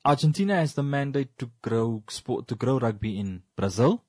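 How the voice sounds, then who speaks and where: A man's voice: medium pitch, expressive, normal speed, a little mellow, no room sound, studio quality. A man co-hosting a casual discussion, emphatic, repeating his points for stress.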